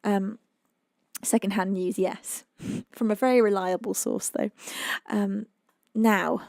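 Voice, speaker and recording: A woman's voice: mid-range voice, fairly even intonation, slow, creaky, a little mellow, no echo, clean studio sound. A woman from the UK, a singer-songwriter chatting casually on her live stream, reading chat aloud with plenty of fillers and laughs.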